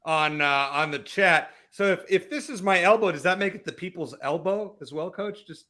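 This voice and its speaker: A man's voice: high voice, sharp tone. A man giving sports betting picks, reeling off stats in an upbeat way. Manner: quick stat-heavy delivery, upbeat.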